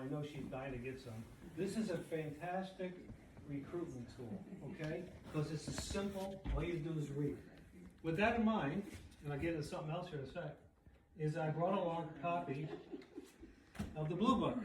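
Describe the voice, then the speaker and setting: A middle-aged or older man giving an animated talk at a society dinner, asking the audience questions. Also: on the high side, background noise. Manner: animated, asks the room questions. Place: banquet room with audience. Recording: echoey room, speaker far from mic.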